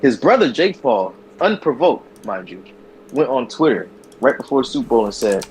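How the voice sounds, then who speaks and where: A man co-hosting a podcast, telling a news story in a loose, animated way with slang and swearing. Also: medium pitch, normal speed, a little hiss or hum, low-quality recording. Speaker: podcast co-host. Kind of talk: casual chat.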